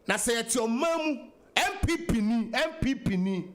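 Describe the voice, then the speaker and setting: A man's voice: very high-pitched, animated, normal speed. A Ghanaian man hosting a political talk radio show, giving an emphatic monologue that mixes English and Twi.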